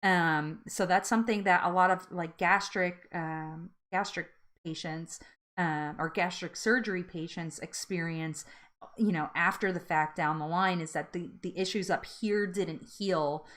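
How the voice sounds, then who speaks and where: A woman's voice: on the low side, fairly even intonation, measured pace, fairly bright tone. An earnest woman hosting a casual live weight loss support chat, talking with many fillers and restarts. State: teary and laughing through tears.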